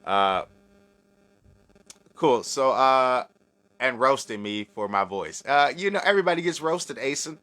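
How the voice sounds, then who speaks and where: A man's voice: medium pitch, animated, a little slow, pauses often, a bit bright. A man hosting a casual live chat, joking, swearing and laughing often, with a slight American country accent. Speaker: livestream host answering chat.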